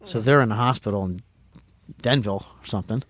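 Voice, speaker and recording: A middle-aged man from Pennsylvania, a podcast guest telling a story in casual, rambling, excitable talk that stumbles over repeated words. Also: on the low side, fast talker.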